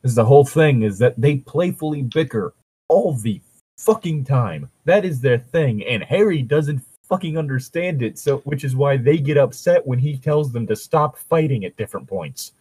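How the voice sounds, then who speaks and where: A man's voice: mid-range voice, animated, moderate pace, warm tone, breathy edge, dry recording, rough recording. A young man co-hosting a fan fiction reading podcast, ranting sarcastically and swearing freely. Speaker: co-host.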